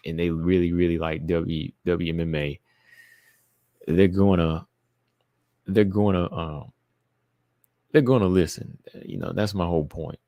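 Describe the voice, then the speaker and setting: Low and steady, this warm male voice runs a little slow with long pauses, captured dry. As a podcast host on a live talk stream, he talks emphatically and informally, repeats phrases, calls out to the chat, and says things like "y'all" and "be listening."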